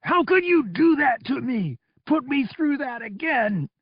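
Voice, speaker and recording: A man voicing a grief-wrecked young pilot, hoarse and raw. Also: fairly low pitch, slow, no room sound, highs cut off, pitched below the performer's own voice, full character voice. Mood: furious. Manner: screaming, then thick with grief. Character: grief-stricken young male pilot, raging then broken.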